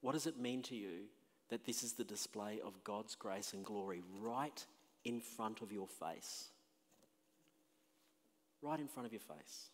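A man preaching a sermon as pastor, emphatic, with loud exclamations and quiet questions. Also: on the low side, unhurried, long pauses. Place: church sanctuary. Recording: long reverb of a church hall.

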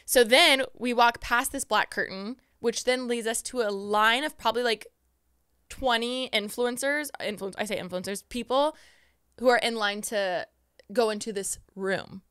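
A young woman guest on a podcast, telling an excited story in casual chat, full of fillers and acted-out quotes. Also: a little high, moderate pace, clear, resonant tone, dry recording, studio quality.

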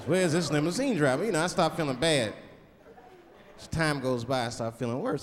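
A man's voice: fairly high pitch, moderate pace. A male stand-up comedian telling a laid-back, profane story on a theater stage. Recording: hall reverb, loud crowd laughter.

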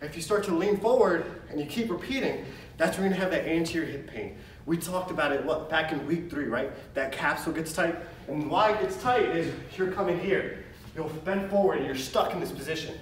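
A man's voice: a little high, fairly quick, distant mic, a little hiss or hum. Upbeat male fitness coach in echoey gym. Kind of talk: exercise demonstration.

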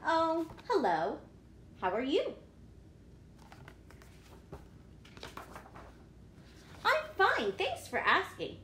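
A woman voicing an eager, demanding little male pigeon in a picture book read-aloud, pleading and whiny with loud bursts. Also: very high voice, wildly swooping pitch, takes it slowly, background noise, pitched above the performer's own voice, full character voice. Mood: chirpy. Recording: echoey room.

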